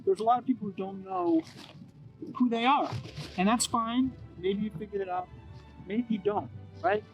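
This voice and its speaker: A man runs a deadpan mock interview, earnest and halting as he rambles through fillers. His voice is high for a man. Soft music sits underneath. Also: dull audio.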